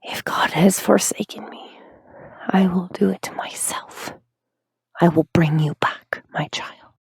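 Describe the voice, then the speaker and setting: A woman's voice: mid-range voice, fairly even intonation, very slow, creaky, warm tone, slightly rough, no echo, clean studio sound, full character voice. A woman voicing a desperate grieving mother in a black veil, speaking with a German accent in broken, whispered pleas. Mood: whispering.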